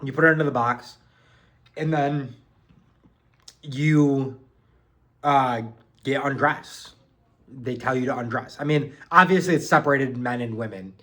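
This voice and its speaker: A man's voice: mid-range voice, measured pace, pauses often, pushed and bright. A young man telling a story in a casual, rambling way, full of fillers and swearing. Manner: rambling, lots of "like" and "um", swears freely. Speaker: vlogger recounting boot camp.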